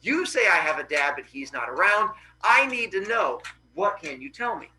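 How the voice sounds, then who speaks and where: A man telling a myth voices a bullied teenage boy from an old Greek tale, indignant and bragging about his father. The voice sits high and lively, with a bright, sharp edge, and stays close to a normal speaking voice. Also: moderate pace, roomy sound, recorded from a distance, exaggerated voice, poor audio. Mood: upset. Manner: indignant, boastful.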